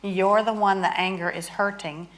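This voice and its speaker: A woman's voice: medium pitch, steady tone, moderate pace, a bit bright, poor audio. Earnest woman explaining a therapy tool. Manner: earnest, demonstrates by acting out feelings. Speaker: guest expert, therapy toy maker. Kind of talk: instructional demonstration.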